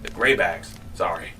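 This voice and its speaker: A man's voice: deep voice, bright, forceful tone, far from the mic. A man casually telling a comedic story, rambling with restarts and mild swearing.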